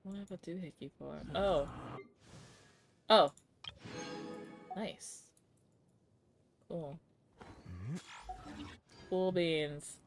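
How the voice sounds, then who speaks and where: A woman's voice: lowish voice, drawn-out words, pauses often, faint music behind. A young woman streaming a game live, reacting with emotional exclamations and reading game text aloud. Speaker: VTuber streamer.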